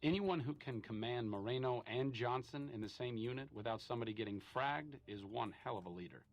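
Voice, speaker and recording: An actor playing a thoughtful, soft-spoken male companion in a video game, speaking in a calm, measured way. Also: mid-range voice, lightly acted. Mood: reflective.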